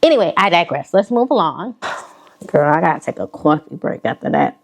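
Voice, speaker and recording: A woman's voice: sits low, a little fast. A woman with a Southern accent, chatting casually and sassily to her viewers while showing off a fashion haul. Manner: sassy, animated, talks straight to viewers. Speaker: fashion vlogger.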